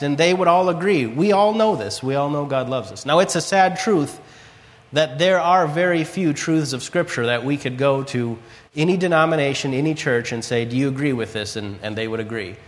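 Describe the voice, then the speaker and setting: A man's voice: a little high, brisk. Earnest male preacher in a reverberant hall. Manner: earnest storytelling, quotes scripture and his own prayers. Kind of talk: sermon.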